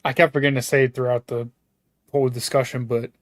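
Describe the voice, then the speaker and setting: A man in a casual review chat who gets excited, swears freely and laughs as he talks. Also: mid-range voice, quick pace, dry recording, studio quality. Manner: excitable, swears a lot, laughs while talking. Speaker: podcast co-host.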